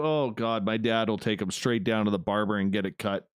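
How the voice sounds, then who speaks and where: A man's voice: fairly low pitch, steady tone, brisk, clear, resonant tone, no room sound, clean studio sound. A man hosting an online radio show, chatting loosely with viewers and talking to himself as he works. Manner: loose, rambling, talks to himself while working. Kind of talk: casual chat reading live viewer comments.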